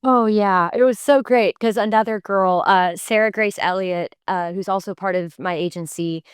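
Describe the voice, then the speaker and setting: A woman in her twenties, an actor guest on an interview podcast, telling her story in a chatty, animated way with lots of fillers and restarts. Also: mid-range voice, normal speed, clear, resonant tone, no room sound, clean studio sound. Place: podcast studio.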